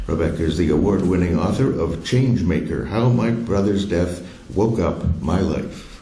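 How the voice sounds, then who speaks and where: A man introducing the day's guest speaker at a service, reading in a measured, formal way. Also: low voice, expressive, dark tone, reverberant, rough recording. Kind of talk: read introduction.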